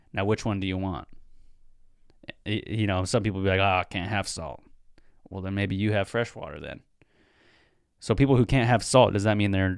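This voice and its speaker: Smooth low-voiced man chatting. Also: dry recording, studio quality. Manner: rambling, joking asides. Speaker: podcast host. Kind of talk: casual solo chat.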